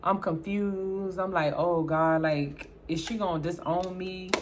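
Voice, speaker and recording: Brief: young woman vlogger, chatty storyteller, voices both sides of a talk, jumps high for exclaims, faint room noise. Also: measured pace. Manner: animated, acts out both sides of a dialogue, jumps high for her own exclaims. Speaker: beauty vlogger. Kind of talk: casual storytelling while doing makeup.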